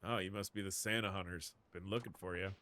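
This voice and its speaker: A man voicing a gruff, calm older male brawler while reading game dialogue, in a low, deadpan delivery. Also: quick pace.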